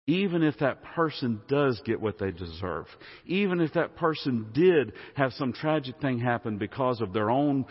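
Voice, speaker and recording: Male pastor, conversational sermon delivery, mid pitch, muffled church recording with long reverb. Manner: conversational preaching, asks the congregation questions.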